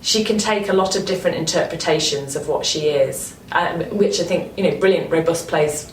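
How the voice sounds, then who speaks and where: A Northern English woman, an actress being interviewed, who talks with animated enthusiasm and often restarts her sentences. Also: on the low side, fairly quick. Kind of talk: casual interview chat. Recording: roomy, distant mic with faint noise.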